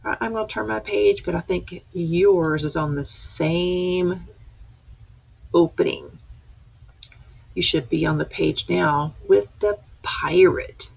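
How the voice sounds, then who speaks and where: A woman teacher leading a reading lesson for young children, patient and reading slowly word by word. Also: fairly low pitch, gravelly, breathy edge, lo-fi sound.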